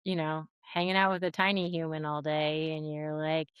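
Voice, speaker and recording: A woman in her thirties hosting a podcast, chatting casually, expressive and laughing as she acts out quotes. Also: low voice, normal speed, clear, resonant tone, no room sound, clean studio sound. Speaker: podcast host. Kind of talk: casual conversational interview.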